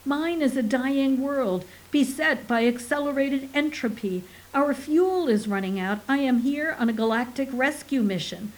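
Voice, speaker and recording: A grandiose male alien scholar declaims in slow, stentorian tones and wails for his dying world, as a woman reader acts him out. His voice sits high and carries loudly, a pompous storybook figure. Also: lively intonation, poor audio. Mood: pleading. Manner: booming, stentorian, wailing.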